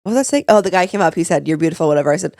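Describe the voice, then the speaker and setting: A young woman co-hosting a podcast, telling stories in an animated, chatty way. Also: on the low side, racing, no echo, clean studio sound. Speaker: podcast co-host. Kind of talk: casual chat.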